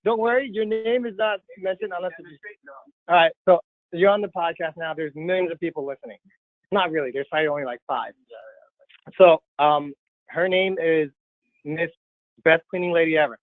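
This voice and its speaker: Excitable high-voiced man on tinny audio. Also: moderate pace, long pauses, dry recording. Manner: excitable, giggly, coaxing. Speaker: podcast host. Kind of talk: casual podcast chat. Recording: dry tinny phone-like audio.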